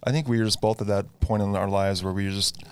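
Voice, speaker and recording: A man's voice: on the low side, fairly even intonation, smooth, dry recording. A young man in casual conversation, talking earnestly about his recovery, often restarting his sentences. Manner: halting, many restarts, earnest. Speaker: guest sharing recovery story.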